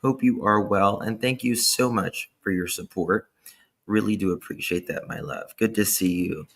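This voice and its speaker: A tired man hosting a casual live stream from indoors, warmly thanking chat viewers through his laptop microphone. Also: lowish voice, fairly even intonation, moderate pace. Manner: warm, effusive thanks to chat members. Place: indoors at home. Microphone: laptop camera mic.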